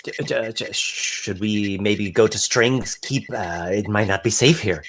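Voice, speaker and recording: A man's voice: low voice, expressive, takes it slowly, fairly bright tone, breathy edge, dry recording, voice pushed down, exaggerated voice. A man voicing a skinny, jumpy, timid innkeeper who stammers nervously in a tabletop game.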